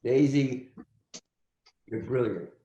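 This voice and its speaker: A man's voice: medium pitch, takes it slowly, mellow, roomy sound, lo-fi sound, slight background noise. A man teaching a history class over a video call, emphatic and repeating his points as he calls on students. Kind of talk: online class lecture.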